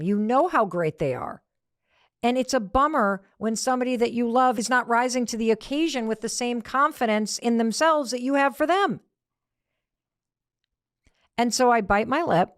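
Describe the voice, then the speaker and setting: A woman's voice: mid-range voice, no room sound, clean studio sound. A middle-aged woman giving a motivational talk, telling a family story and acting out the voices of the people in it. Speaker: motivational speaker.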